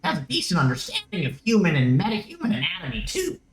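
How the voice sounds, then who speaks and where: A man's voice: sits high, wildly swooping pitch, quick pace, creaky, reverberant, pitched above the performer's own voice, exaggerated voice, poor audio. A man voicing a small dwarf coroner with a dry, clinical, matter-of-fact delivery in a game playthrough.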